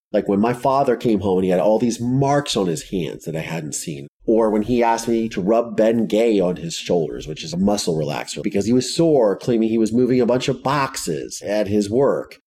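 A man's voice: lowish voice, mellow, husky. A man from Ohio telling a personal story in the first person, blunt and intense, swearing freely. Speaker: podcast guest telling his story.

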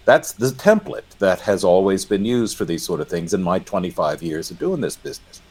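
A middle-aged man giving sardonic, animated commentary in a discussion, often restarting his sentences. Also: low voice, fairly quick, husky. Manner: animated, sardonic, self-correcting. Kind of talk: opinionated discussion.

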